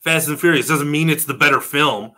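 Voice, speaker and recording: A man's voice: a little high, brisk, bright, forceful tone. A man co-hosting a casual wrestling chat, arguing his points in a mock-grumpy way. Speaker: podcast co-host.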